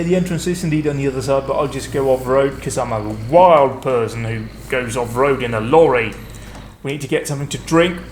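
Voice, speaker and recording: A man's voice: mid-range voice, a little hiss or hum. Chatty man narrating his gameplay. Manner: chatty, rambling, self-mocking; bursts into panicked outcries. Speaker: let's play host. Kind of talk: gameplay commentary.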